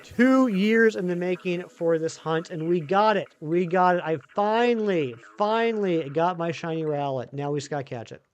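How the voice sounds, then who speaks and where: A man live-streaming a video game, chatting excitably with his viewers. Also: high voice, moderate pace, few pauses. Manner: chatty, excitable, talks to chat. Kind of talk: live gaming stream chat.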